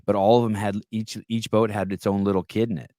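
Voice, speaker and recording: A man hosting a podcast, chatting casually and telling stories with quick back-and-forth retorts. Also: fairly low pitch, no echo, studio quality. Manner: animated storyteller, quick retorts. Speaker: podcast host. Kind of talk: casual chat.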